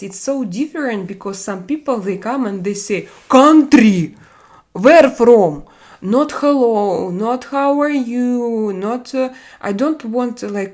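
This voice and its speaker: A woman's voice: mid-range voice, darkish tone. Chatty woman in her forties on a live stream. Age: 40s. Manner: reads out and answers viewers' chat messages; chatty, hesitant with many fillers. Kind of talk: casual live stream chat.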